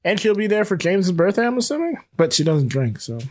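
A man chats on a podcast in a slightly high voice. He jokes in a loose, sarcastic way. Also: sing-song, fairly quick, a little mellow. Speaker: podcast co-host. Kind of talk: casual chat.

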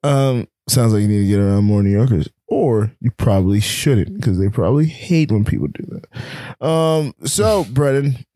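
A man's voice: medium pitch, animated, normal speed, warm tone, no echo, studio quality. A man co-hosting a sports podcast, defending his rankings and teasing his partner in casual chat. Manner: argumentative, teasing, sighing. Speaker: co-host.

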